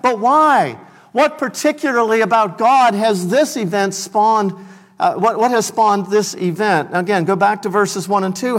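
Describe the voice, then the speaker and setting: A man's voice: high-pitched, a bit bright. A man preaching a sermon, explaining scripture and reading passages aloud with raised emphasis. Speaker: pastor.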